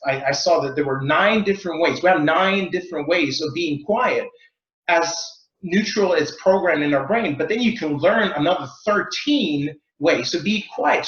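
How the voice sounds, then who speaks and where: Guy with a voice, fairly high, jumps into playful bits, echoey dull recording. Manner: lively, playful, acts out mock accents and sounds. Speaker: communication expert guest. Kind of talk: animated interview answers. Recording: roomy, dull lo-fi sound.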